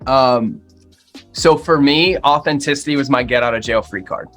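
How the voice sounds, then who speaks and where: Male podcast guest, mid-pitched, emphatic motivational speaker, faint music bed. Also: moderate pace, a bit bright. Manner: emphatic, punchy, repeats phrases for effect. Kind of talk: motivational interview talk.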